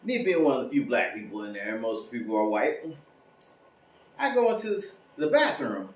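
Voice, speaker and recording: A man's voice: mid-range voice, normal speed, pauses often. A young man telling casual, profane comic stories in a monologue. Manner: lively, profane storytelling with laughs. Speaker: comedian. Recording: echoey room, mic at a distance.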